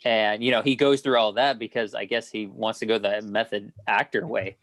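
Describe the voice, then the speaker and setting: A man's voice: fairly low pitch, fairly even intonation, normal speed, fairly bright tone, no room sound, poor audio. Rambling guy chatting about movies. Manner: rambling, self-correcting, storytelling. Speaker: podcast co-host. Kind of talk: casual chat.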